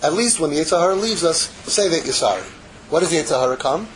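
A man giving a casual, animated Torah class, acting out little dialogues and dropping in Hebrew phrases. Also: a little high, quick pace, slight background noise, low-quality recording. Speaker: Torah teacher.

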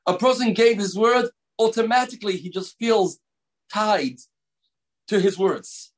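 Earnest man teaching a Torah class. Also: sits high. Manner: earnest, emphatic, slows to stress key words. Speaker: rabbi teaching a daily class. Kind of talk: recorded Torah lecture.

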